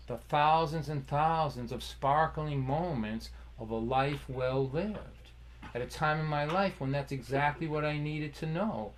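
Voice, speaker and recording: A man with a somewhat high voice tells a personal story on a concert livestream. He laughs between lines, restarts phrases, and slips into the voices of remembered talk. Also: slight background noise, poor audio. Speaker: folk singer and storyteller hosting a livestream concert. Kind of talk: storytelling monologue. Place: home livestream.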